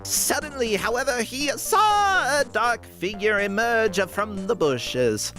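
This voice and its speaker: A man's voice: high voice, big pitch swings, slow pace, bright, forceful tone, soft background music, heavily acted, poor audio. A man putting on a mock generic European accent to read a game walkthrough as a dramatic sci-fi story. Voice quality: hammy, theatrical. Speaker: commentator reading a game walkthrough.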